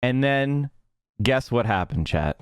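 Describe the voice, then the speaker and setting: A man's voice: mid-range voice, slow, clean tone, dry recording, clean studio sound. A man telling a story to his chat in a casual, profane way, acting out what others said. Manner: swearing, animated, acts out quotes.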